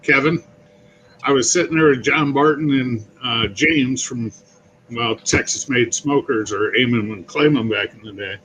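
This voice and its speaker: A man's voice: medium pitch, moderate pace, a bit bright, low-quality recording. Guy co-hosting a bbq chat, chatty storyteller, faint hiss in the back. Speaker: barbecue YouTuber co-host. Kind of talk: casual chat.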